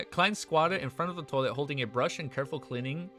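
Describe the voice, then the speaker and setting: Casual stream reader, excitable young guy, bright sharp tone, soft music underneath. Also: a little high, brisk. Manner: excitable, breaks off reading to react. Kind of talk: reading a novel aloud on a live stream. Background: faint background music.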